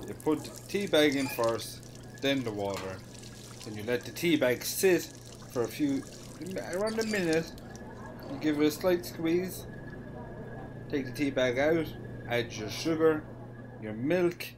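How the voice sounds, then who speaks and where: A man's voice: a little high, expressive, unhurried, background noise. An Irish man giving casual, jokey gameplay commentary with mock-bossy banter. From Ireland. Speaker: gaming YouTuber.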